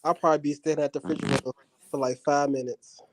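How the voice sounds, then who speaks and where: A woman's voice: low voice, steady tone, very fast, dry recording, poor audio. A woman co-hosting a live stream in casual chat, telling stories, acting out what others said, and laughing easily. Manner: storytelling, acts out others' voices, laughs easily. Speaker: stream co-host.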